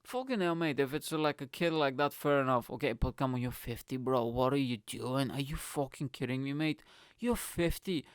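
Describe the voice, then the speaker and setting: A man's voice: fairly high pitch, smooth, dry recording, studio quality. A man hosting a comedy podcast, ranting profanely in a casual monologue and calling the listener mate and bro. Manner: animated, profane, swearing ranter; tends to end lines with "mate" and "bro".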